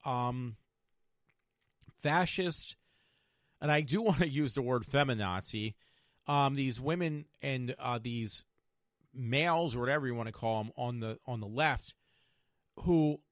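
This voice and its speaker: A man with a medium-pitched voice hosts a solo podcast, rambling and opinionated, often stopping to correct himself amid plenty of fillers. He's close to the mic in a dry, dead room with no echo.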